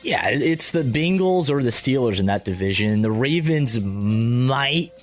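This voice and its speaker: Man, sports radio co-host, mid-pitched voice, easygoing, matter-of-fact. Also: lively intonation, measured pace, soft background music. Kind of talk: casual sports talk radio chat.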